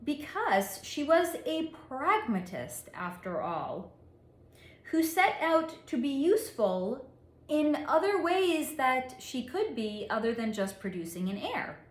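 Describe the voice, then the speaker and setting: Slow, lively-voiced woman psychic. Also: sits high. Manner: deliberate, dramatic pauses, laughs often. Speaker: psychic reader. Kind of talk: storytelling monologue. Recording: echoey room.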